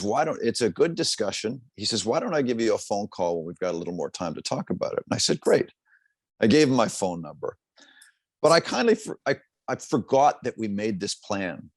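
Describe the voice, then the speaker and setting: Middle-aged male sportscaster, animated storyteller, lower voice, dry booth sound. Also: no room sound. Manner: animated storyteller, acts out quotes. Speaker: sportscaster guest. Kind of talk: storytelling interview.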